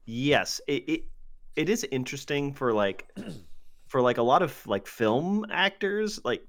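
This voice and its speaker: A man's voice: medium pitch, sing-song, unhurried. A man co-hosting a podcast in casual chat, rambling and hedging with fillers. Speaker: podcast co-host.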